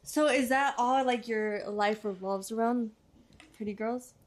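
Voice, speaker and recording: A woman's voice: a little high, measured pace. A young adult woman hosting a podcast, asking questions in a casual, teasing, somewhat hesitant way. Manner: curious, teasing, hesitant with fillers. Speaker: podcast host. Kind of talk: casual interview.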